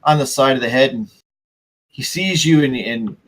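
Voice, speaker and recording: A man narrating as game master of a tabletop game, halting often and restarting his sentences. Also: mid-range voice, low-quality recording.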